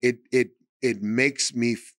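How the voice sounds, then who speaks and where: A man's voice: unhurried, no room sound, studio quality. A man in his thirties, a voice actor and podcast guest, chatting and telling stories with big swings into quoted voices. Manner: animated storyteller, slips into quoted voices and big pitch swings. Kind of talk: casual chat.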